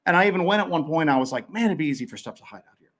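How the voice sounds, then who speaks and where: A man co-hosting a paranormal live stream, telling a story in an animated way with pitch that jumps when he gets excited. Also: racing. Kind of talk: casual live-stream chat.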